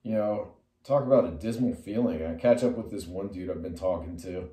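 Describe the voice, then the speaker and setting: A middle-aged man, a metal musician and artist, telling a long personal story to camera in a loose, digressive way, full of fillers and restarts, his voice jumping high and loud whenever he quotes himself. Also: brisk. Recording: roomy sound from a distant mic.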